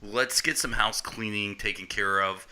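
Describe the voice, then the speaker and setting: A man's voice: fairly low pitch, steady tone, a little slow, pushed and bright. A man hosting a wrestling podcast in casual chat, upbeat and plugging the show. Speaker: podcast host.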